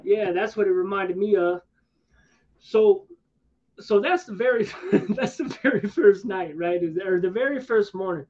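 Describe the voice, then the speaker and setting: A man with a high voice tells a loose, rambling story in easygoing chat, full of slangy asides and restarts. His voice comes through a dull, lo-fi recording. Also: measured pace, darkish tone. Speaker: streamer. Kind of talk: casual storytelling to a listener. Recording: dull lo-fi sound.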